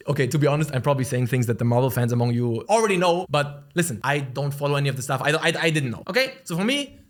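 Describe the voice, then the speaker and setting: A man reviewing a film in a casual video, playful and jokey with animated asides. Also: medium pitch, fast.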